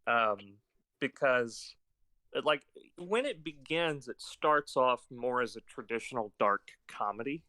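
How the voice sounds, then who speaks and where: A man's voice: mid-range voice, animated, unhurried, pushed and bright, dry recording. A man co-hosting a podcast, talking casually about films with frequent fillers and hesitant restarts. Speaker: podcast co-host. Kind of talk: casual film discussion.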